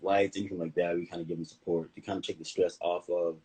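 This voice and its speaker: A young man speaking as the guest of a casual live-stream interview, relaxed and laid-back, laughing easily. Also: low-pitched, quick pace, husky, low-quality recording. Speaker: guest athlete.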